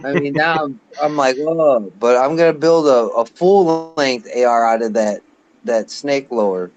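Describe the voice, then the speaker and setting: A man's voice: mid-range voice, normal speed, lo-fi sound, faint music behind. A man in his late thirties ranting bluntly and swearing in a casual live chat. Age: late 30s. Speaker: guest on a live show.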